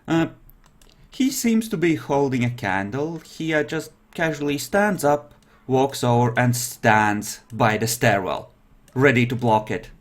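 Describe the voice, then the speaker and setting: A man running a tabletop role-playing game on a stream, relaxed and thinking aloud as he narrates and checks the rules. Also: mid-range voice, a little slow. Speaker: game master.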